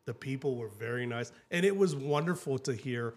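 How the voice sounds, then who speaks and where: A man's voice: medium pitch, moderate pace. Man, travel show host, casual chat, enthusiastic, many restarts.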